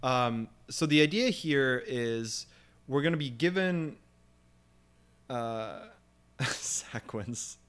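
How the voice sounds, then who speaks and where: A young man leads a live programming session and talks through his reasoning as he goes. His speech is loose and unscripted, full of pauses, fillers and quick restarts. His pitch sits in the middle range for a man. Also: animated, fairly bright tone, smooth. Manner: thinking aloud with many fillers. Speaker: programming stream host. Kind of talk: live coding walkthrough.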